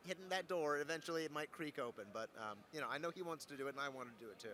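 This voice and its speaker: In a casual interview, a young adult voice actor races through his stories, his voice a little high. He comes across as a playful, joking, lively storyteller.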